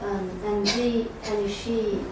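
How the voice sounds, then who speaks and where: Woman trainee, halting flat question, slow, far from the mic in an echoey room with clear noise. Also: medium pitch. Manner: halting, repeats words. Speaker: trainee teaching assistant. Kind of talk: question from the audience.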